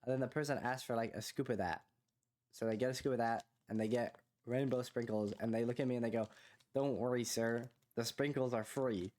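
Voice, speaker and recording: A young man co-hosting a podcast, telling a long casual story full of fillers like "like" and "you know", rising in pitch when he quotes other people. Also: fast. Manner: rambling, filler-heavy, animated when quoting others. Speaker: podcast co-host.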